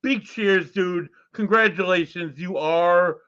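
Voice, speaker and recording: Chill podcast cohost guy, loose talker, kinda high voice, muffled lo-fi sound. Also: takes it slowly, fairly bright tone. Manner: laid-back, loose, swears casually. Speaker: podcast co-host. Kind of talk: casual chat.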